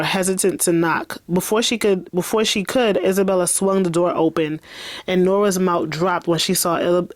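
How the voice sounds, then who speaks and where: A woman author with a voice on the low side reads her own novel aloud, stopping for candid, chatty commentary in which she laughs and swears in asides. The recording is dry.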